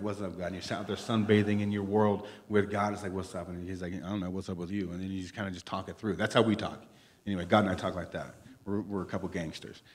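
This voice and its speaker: A middle-aged man gives a casual, joking sermon in a church. He swings between loud, excited bursts and quiet, hushed asides, and keeps it personal and conversational. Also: lowish voice. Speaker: pastor. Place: church sanctuary.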